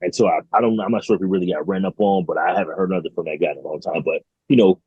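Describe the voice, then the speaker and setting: Deep husky young man, dull dry sound. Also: steady tone, racing, no room sound. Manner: laid-back, slangy, wry comments. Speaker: podcast guest. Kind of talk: casual chat.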